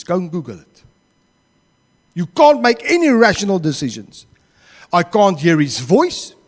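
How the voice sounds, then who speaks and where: A man's voice: high voice, big-room sound. A man with a South African accent preaching a sermon in a church, acting out the quotes he tells. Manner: animated, acts out quotes.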